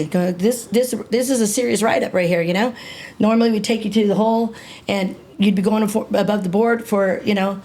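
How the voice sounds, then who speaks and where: A woman's voice: mid-range voice, moderate pace, darkish tone. A middle-aged woman, a podcast guest, telling a story in a blunt, profane, casual way, often quoting herself. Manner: blunt and profane, with lots of filler and self-quoting.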